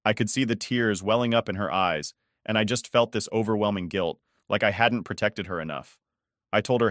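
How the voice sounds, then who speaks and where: Low-voiced man narrating a story casually. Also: normal speed, a bit bright, no room sound, clean studio sound. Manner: casual, conversational, with frequent swearing. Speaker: narrator of a first-person story.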